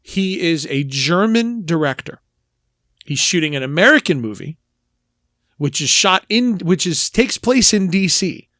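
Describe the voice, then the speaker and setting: Animated man in casual film chat. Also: sits high, measured pace, dry recording, clean studio sound. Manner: animated, rambling, emphatic with restarts. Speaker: podcast co-host.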